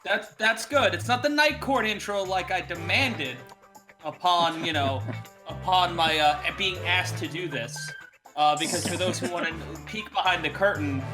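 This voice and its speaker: A man competing on a comedy debate show, joking and mocking himself with quick asides. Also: high-pitched, music in the background. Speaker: debate contestant, radio personality. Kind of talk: comedic banter.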